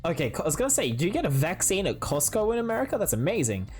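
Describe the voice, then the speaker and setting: A woman streaming live and chatting with her viewers while she builds, full of playful mock outrage and excitable asides. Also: on the low side, very fast, soft background music.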